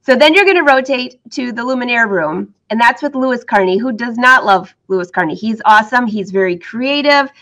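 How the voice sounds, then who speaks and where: The sewing instructor, a middle-aged woman, speaks at a moderate pace with few pauses, her voice a little high and a bit bright. She's hiccuping throughout, yet keeps up an upbeat, laugh-filled, casual chat with viewers.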